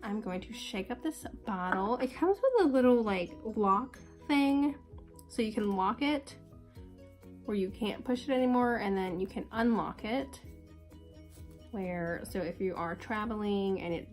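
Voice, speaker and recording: A woman's voice: medium pitch, expressive, a little slow, darkish tone, faint music behind. A young woman with a congested, sick voice chatting casually and upbeat through a makeup tutorial. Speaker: beauty vlogger.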